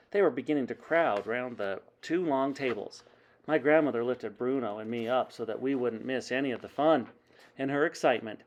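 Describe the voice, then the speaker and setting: A man reading a children's book aloud in a dramatic, animated way, like a teacher at story time. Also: mid-range voice.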